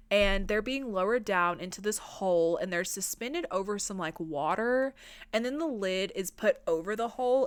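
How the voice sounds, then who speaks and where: Chatty, profane woman with a smooth voice. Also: medium pitch, no echo. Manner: chatty, profane, lots of "like" fillers. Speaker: podcast host. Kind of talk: casual film recap.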